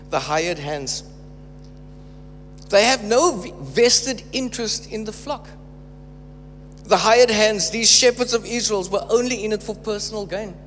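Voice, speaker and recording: A male preacher with a high voice delivers a sermon, pressing his points home by saying them twice. His words ring through a hall with a long reverb, and a faint hum sits under the recording. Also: fairly bright tone. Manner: emphatic, repeats phrases for stress.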